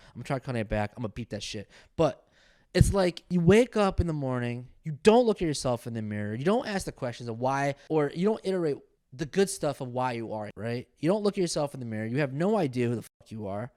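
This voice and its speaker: A man's voice: on the high side, dry recording, clean studio sound. A man hosting a casual solo podcast, rambling through his thoughts, swearing often and restarting his sentences. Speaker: podcast host.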